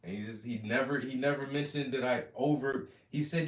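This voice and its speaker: Male painter host, loose animated storyteller with profanity; recorded in a room with some reverb, mic at a distance. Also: medium pitch, a little fast. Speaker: oil painter hosting a livestream. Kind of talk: casual chat while painting.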